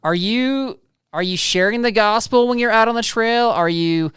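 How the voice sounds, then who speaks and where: Smooth-voiced upbeat podcast host man. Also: sits high, moderate pace, a bit bright, dry recording, clean studio sound. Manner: upbeat and teasing, laughs easily. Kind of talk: casual interview chat.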